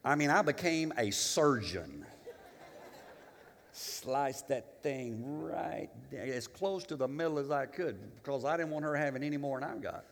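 A male pastor preaching a sermon, animated and emphatic, with humorous asides and storytelling. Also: medium pitch, a little slow, vocal fry, long reverb tail.

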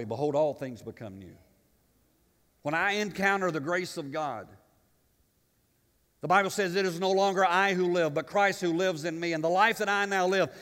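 A pastor preaching in a fairly high voice that climbs and booms at the big moments, then drops to quiet asides. He stumbles and repeats words as he goes. The sound carries a long hall reverb. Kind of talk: sermon.

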